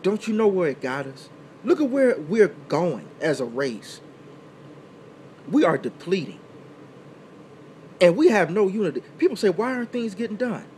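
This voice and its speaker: A man's voice: high-pitched, big pitch swings, unhurried, pauses often, slight background noise. A man hosting a talk radio show, delivering an impassioned, preachy monologue from a small indoor room. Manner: impassioned and preachy, building to loud emphatic outbursts.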